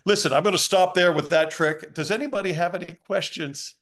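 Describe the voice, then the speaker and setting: A middle-aged man with a slightly high voice explains a card trick in a loose, chatty way. He demonstrates as he talks and slips into his performing patter. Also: fairly quick, a bit bright. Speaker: magician teaching a card trick. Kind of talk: casual teaching session.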